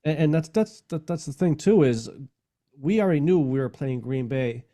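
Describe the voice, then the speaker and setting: Co-host, man, mellow tone, casual, halting delivery. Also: a little high, animated. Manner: laughs often, halting restarts. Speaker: podcast co-host. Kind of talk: casual sports chat.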